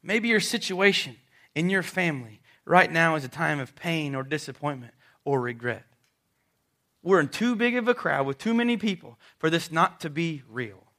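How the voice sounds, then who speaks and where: Pastor guy with a pretty high voice, preaching to his church, big storytelling, goes quiet real sudden sometimes. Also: animated, normal speed. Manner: dramatic storytelling with sudden soft drops. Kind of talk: sermon. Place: church service before a congregation.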